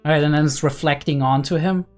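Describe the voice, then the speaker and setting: A young man giving casual anime reaction commentary, excited and analytical, often checking in with "right?" and filler "like". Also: a little high, a little fast, soft background music. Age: young adult.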